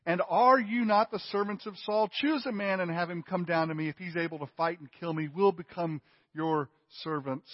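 A man acting out a taunting, boastful giant warrior who shouts mockery at his enemies. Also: mid-range voice, steady tone, moderate pace, hardly any pauses, no echo, muffled recording, close to an everyday voice. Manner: loud, mocking shouts.

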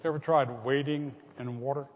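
Preacher in a reverberant, muffled hall. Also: male voice, medium pitch, steady tone, a little fast. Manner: dramatic shifts from hushed to loud. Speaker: pastor. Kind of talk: sermon.

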